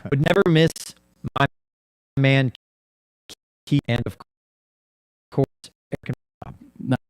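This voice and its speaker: A man hosting a community radio music show, reading listener messages in a relaxed, joking manner. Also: medium pitch, slow pace, smooth, no echo. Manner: easygoing, joking. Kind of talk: casual on-air chat, reading listener messages. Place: radio studio.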